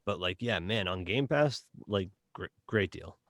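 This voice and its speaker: Low-voiced man with a Boston accent. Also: lively intonation, fairly bright tone, dry recording, clean studio sound. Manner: halting, many fillers and restarts. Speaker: podcast co-host reviewing a game. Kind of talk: casual chat.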